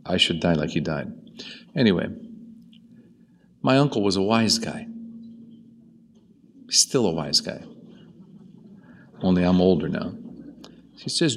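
A man's voice: deep voice, a little slow, gravelly, pauses often. A man from Chicago preaching a sermon, telling stories with rhetorical questions. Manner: storytelling, animated, rhetorical questions. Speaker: priest. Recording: long hall reverb.

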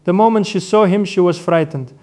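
An older man, an Orthodox monk, giving a sermon with measured, reverent storytelling. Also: sits high, mellow.

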